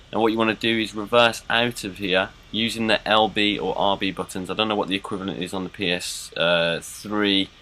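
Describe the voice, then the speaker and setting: A man getting over a cold, talking through a game tutorial in a self-described monotone. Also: low-pitched, poor audio. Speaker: gaming YouTuber. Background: background music.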